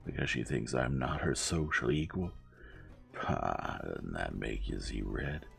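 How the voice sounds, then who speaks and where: A man reading aloud gives voice to a scornful, gloomy young man in a storybook. The voice is extremely deep with a gravelly edge. Faint music sits underneath. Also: big pitch swings, unhurried, heavily acted.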